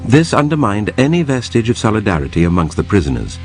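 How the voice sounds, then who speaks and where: A man narrating a documentary in a measured, grave, scripted delivery. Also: fairly low pitch, big pitch swings, a little mellow, faint music behind.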